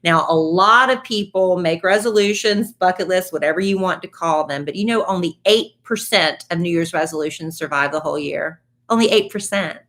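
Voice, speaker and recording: A woman co-hosting a casual podcast chat and reading an ad, jokey and quick to laugh. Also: on the low side, fairly bright tone. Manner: chatty, laughs often, jokey. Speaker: podcast co-host. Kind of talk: casual chat and host-read ad.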